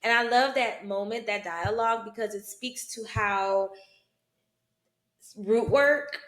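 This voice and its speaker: A woman's voice: medium pitch, unhurried, fairly bright tone. Chatty woman in an echoey room. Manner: conversational, peppered with "you know" and "right?". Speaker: hoodoo root worker and vlogger. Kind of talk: casual film commentary.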